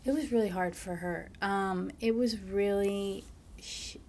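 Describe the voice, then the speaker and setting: A soft-spoken woman in casual conversation as a podcast guest. She speaks haltingly with plenty of fillers, her voice often sinking into a breathy near-whisper, at a medium pitch with a faint hiss behind her. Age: adult, a mother. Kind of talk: casual conversation, personal storytelling.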